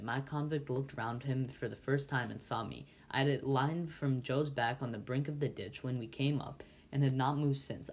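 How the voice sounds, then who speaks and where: A man's voice: medium pitch, a little mellow. A man volunteer reading a classic novel aloud, with frequent stumbles and restarts. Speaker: volunteer reader.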